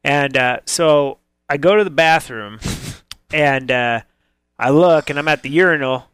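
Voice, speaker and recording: A man's voice: mid-range voice, measured pace, fairly bright tone, clean tone, no echo. A man co-hosting a casual radio talk show, telling a rambling story full of fillers. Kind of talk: casual chat.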